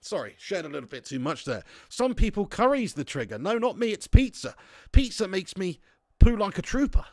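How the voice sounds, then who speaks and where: A man's voice: sits high, very animated, normal speed, dry recording, studio quality. Rambling jokey livestream host, man. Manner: rambling, jokey banter with frequent laughs. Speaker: livestream host reading viewer chat. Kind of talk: casual football watch-along chat.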